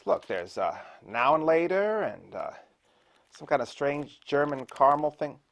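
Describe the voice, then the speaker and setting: A theatrical male horror host who fusses and frets over the night's movie, his pitch leaping all over the place. He mutters low one moment and cries out the next, in a comic hosting style. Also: sing-song, a little slow, gravelly. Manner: fussing, theatrical, swinging between mumbles and loud exclamations.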